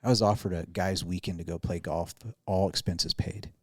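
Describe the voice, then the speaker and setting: A man's voice: low-pitched, fairly even intonation, normal speed, no echo, studio quality. A man, a pastor and podcast host, telling a self-deprecating story in casual chat with lots of restarts.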